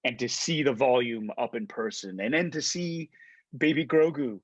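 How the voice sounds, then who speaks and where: On a video call interview, a middle-aged Canadian actor and guest spins casual stories with lively energy, restarting mid-stammer and performing the dialogue he quotes. His mid-range voice is slightly rough and moves at normal speed. The sound is lo-fi with no echo.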